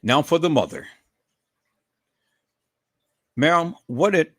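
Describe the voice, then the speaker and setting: Middle-aged male streamer, angry profane rant, fairly high voice with big pitch swings, close dry sound. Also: very animated, a little slow, no echo. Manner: profane, indignant, calls the audience "peoples"; repeats words when worked up, swings to loud outbursts. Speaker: livestream commentator. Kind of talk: angry ranting livestream commentary.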